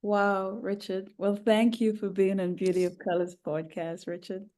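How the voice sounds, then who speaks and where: A woman's voice: mid-range voice, level tone, unhurried, darkish tone. A woman hosting a podcast, closing an interview with thanks and a final question. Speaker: podcast host. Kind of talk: conversational interview.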